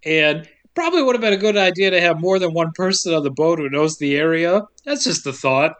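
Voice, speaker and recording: A woman's voice: fairly low pitch, expressive, brisk. A woman hosting a podcast, retelling a movie plot with sarcastic asides and frequent laughter. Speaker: podcast host. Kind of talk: casual movie recap narration.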